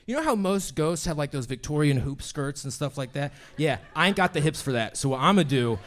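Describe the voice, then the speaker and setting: A man's voice: fairly high pitch, expressive, brisk. A young man performing a brash, crude stand-up set in a comedy club, laughing at his own jokes.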